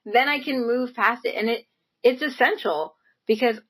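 In a somewhat low-quality recording, a woman with a slightly high, somewhat bright voice speaks at a moderate pace. She delivers an earnest, encouraging motivational monologue to camera, talking casually, peppering her speech with "like" and "right?", and laughing lightly between phrases.

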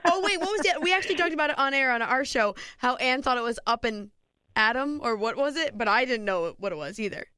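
A woman co-hosting a show in casual chat, giggly and excitable. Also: high-pitched, quick pace, clear, resonant tone, no echo, studio quality. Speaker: podcast co-host.

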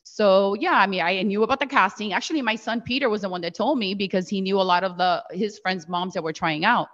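A woman's voice: mid-range voice, a little fast. A middle-aged woman, telling a story as a podcast guest and acting out the voices of the people she quotes. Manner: animated, acts out quoted voices. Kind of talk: casual storytelling. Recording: slightly dull lo-fi sound.

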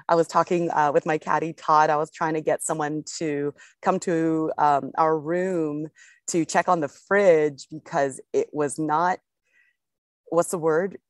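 Young woman co-host, low voice, dry close sound, rambling casual chat. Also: no room sound. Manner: chatty, rambling, laughs easily. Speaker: podcast co-host and pro golfer.

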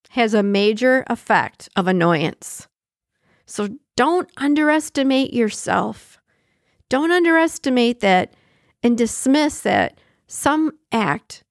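A woman hosting a casual daily-quote podcast, reading passages and breaking into chatty, animated asides with frequent laughter. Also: on the high side, dry recording, studio quality. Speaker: podcast host.

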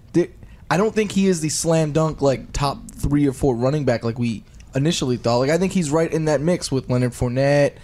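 A man's voice: mid-range voice, darkish tone. A man working as a sports analyst in a casual chat, thinking aloud in long reasoned runs. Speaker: fantasy football analyst.

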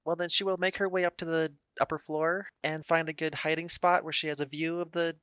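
A man playing a tabletop game, planning his character's moves out loud. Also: fairly high pitch, flat delivery, brisk, smooth, no room sound, dull audio. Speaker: player.

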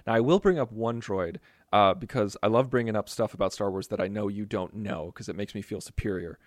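A man with a lowish voice chats casually on a podcast, rambling from one thought to the next. He teases his partner and mocks himself, peppering his talk with "like". The recording is dry and close-miked. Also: fairly quick, no room sound. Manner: rambling, teasing, self-mocking, lots of fillers like "like". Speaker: podcast co-host.

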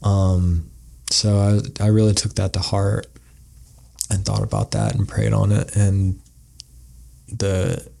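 A man's voice: on the low side, slow pace, gravelly, dark tone. A man, a podcast guest, telling a story in a casual, rambling way and acting out the quoted lines. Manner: rambling, acts out quoted dialogue.

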